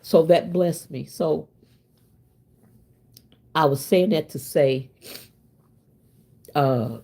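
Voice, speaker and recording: A woman's voice: low-pitched, drawn-out words, gravelly, dark tone. A woman in her fifties hosting her own channel, chatting casually and straight to her viewers, laughing often as she talks. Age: 50s. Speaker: channel host.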